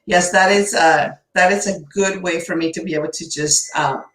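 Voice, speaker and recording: A woman's voice: lowish voice, moderate pace, fairly bright tone. An upbeat woman hosting a radio show and podcast. She is effusive, peppers her talk with fillers and often restarts her sentences. The recording sits in a noticeably echoey room.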